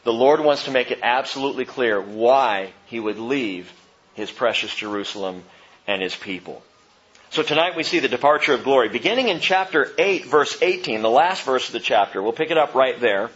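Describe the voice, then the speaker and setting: A man delivers a Bible teaching sermon in a husky, somewhat high voice. He reads expressively, pushing some phrases out loudly and letting others fall to a hush. The recording sounds dull and lo-fi. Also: normal speed. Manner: expressive reading, swinging between loud emphasis and hushed drops. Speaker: pastor.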